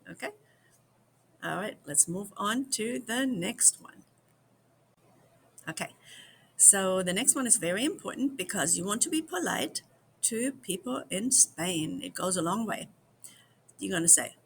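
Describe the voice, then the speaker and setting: A woman teaching phrases in a slow, patient drill, repeating each one several times. Her voice has a gravelly, creaky edge, and a faint hiss of noise sits behind her. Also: medium pitch, animated, fairly bright tone. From United States. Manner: drills phrases slowly, repeats them for viewers. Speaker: language teacher. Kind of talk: slow repeat-after-me language lesson.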